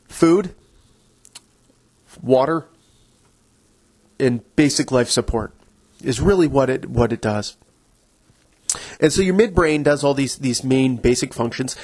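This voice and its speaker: A man's voice: medium pitch, a little mellow, low-quality recording. A man hosting a podcast, explaining things in a casual, conversational way with frequent restarts. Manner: conversational, full of restarts, acts out inner voices. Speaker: podcast host.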